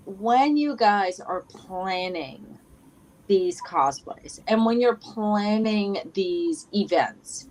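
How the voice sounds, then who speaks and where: A woman's voice: mid-range voice, darkish tone, low-quality recording. A woman hosting a casual podcast panel, upbeat, prompting and encouraging her guests. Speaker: podcast host.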